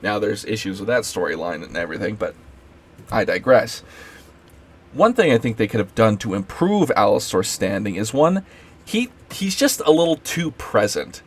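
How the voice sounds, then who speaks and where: A man's voice: on the low side, sing-song, normal speed. Man rambling through a late-night rant. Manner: rambling, full of fillers and restarts. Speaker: video creator.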